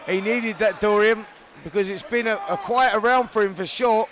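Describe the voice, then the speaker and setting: A man's voice: high voice, normal speed, fairly bright tone, a little hiss or hum. A man with a Cockney accent giving live boxing commentary in a chatty, bantering way.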